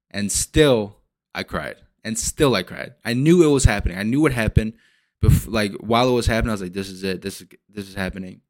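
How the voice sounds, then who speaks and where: A young man with a somewhat low voice rambles through a casual solo podcast. He talks excitedly and curses freely, tripping over restarts as he goes. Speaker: podcast host.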